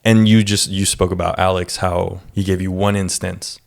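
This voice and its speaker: A young man hosting a podcast interview, talking in a relaxed, loose way with many fillers. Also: low-pitched, normal speed, creaky. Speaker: podcast host and former student. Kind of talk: casual interview chat.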